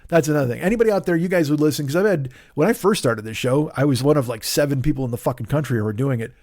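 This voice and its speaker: A man in his forties rants through a solo comedy podcast with a fairly high voice, swearing freely and losing his own thread. The sound is dry and close to the mic, with no room around it. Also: rapid-fire, darkish tone, dry recording. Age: 40s. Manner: profane, rambling, self-interrupting.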